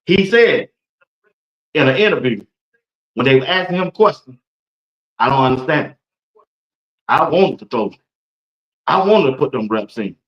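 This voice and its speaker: A man's voice: medium pitch, lo-fi sound. A man, hosting a casual live-stream sports talk show, chatty and loose and speaking to viewers in the chat by name.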